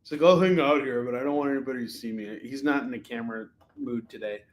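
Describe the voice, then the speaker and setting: A man's voice: mid-range voice, fast. A man hosting a live comic-book sale stream, rambling and joking with lots of fillers from a room at home. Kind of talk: casual live-stream selling chat. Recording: echoey room.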